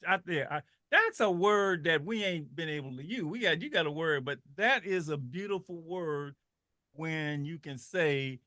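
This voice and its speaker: A man's voice: on the high side, lively intonation, moderate pace, pushed and bright, no echo, studio quality. A middle-aged man talking with passion on a radio show, often repeating and restarting his words. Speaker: guest. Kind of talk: impassioned radio talk.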